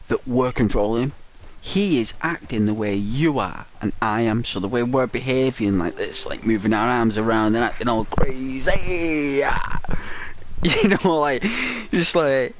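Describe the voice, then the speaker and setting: A man's voice: medium pitch, slight background noise. A man giving casual, rambling gameplay commentary, musing aloud and giggling between thoughts. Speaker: gaming channel host.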